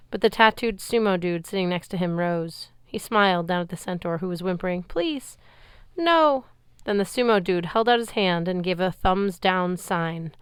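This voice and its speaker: A woman reads a novel aloud and tells it with expression in the first person. Her voice sits a little low and sounds smooth and clear. The recording is close and dry. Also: dry recording. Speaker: reader.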